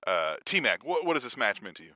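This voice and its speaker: A man's voice: medium pitch, a little fast, slight background noise. A man co-hosting a podcast in casual, profane chat, often tagging his points with "right?". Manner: animated, profane, punctuates with "right?". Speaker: podcast co-host.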